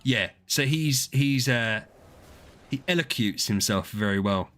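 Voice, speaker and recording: A man's voice: mid-range voice, lively intonation, measured pace, fairly bright tone. A man, chatting casually with viewers on a game stream, rambling and swearing as he answers them. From southeast England.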